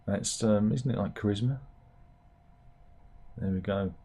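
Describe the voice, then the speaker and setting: The voice is on the low side, warm and breathy, and never hurried, belonging to a comic news show host from the UK. He chats wryly and loosely, restarting sentences and leaning on fillers as if talking to himself.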